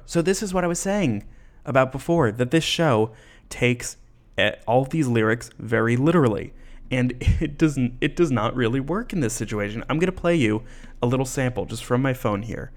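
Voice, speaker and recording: A man hosting a podcast, chatting casually and laughing as he retells a story with animated asides. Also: medium pitch, normal speed. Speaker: podcast host.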